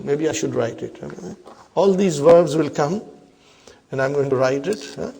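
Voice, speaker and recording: A man teaches a grammar lesson at a deliberate, unhurried pace, repeating each term and checking in with "huh?" His voice sits a little high, and a long reverb trails his words, as in a large room. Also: expressive, vocal fry, dark tone, breathy edge. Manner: slow, repetitive, addresses "brothers and sisters", checks understanding with "huh?". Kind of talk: explanatory lesson.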